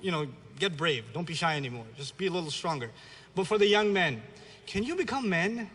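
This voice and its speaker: Man giving a religious lecture, high bright voice, blunt and joking, long hall reverb. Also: animated, brisk, slightly rough. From Pakistani family, raised in New York City. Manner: blunt, humorous, exhorting. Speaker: Islamic lecturer.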